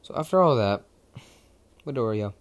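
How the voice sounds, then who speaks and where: Young male storyteller, loose and foul-mouthed, rambles and trips over words; average pitch. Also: lively intonation, normal speed, muffled recording. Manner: profane, rambling, self-interrupting. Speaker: fan storyteller. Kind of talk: casual rambling retelling.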